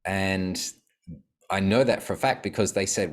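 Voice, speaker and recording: A man's voice: low-pitched, fairly even intonation, normal speed. A man, a podcast guest, telling reflective stories about his life in a casual conversation. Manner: reflective storytelling.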